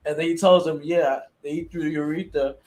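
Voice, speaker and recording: A man's voice: on the high side, steady tone, fairly quick, darkish tone. A man co-hosting a podcast, telling a funny jail story and mimicking the people in it. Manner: laughing, mimics voices in anecdotes. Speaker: podcast co-host, former corrections officer. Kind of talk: casual storytelling chat.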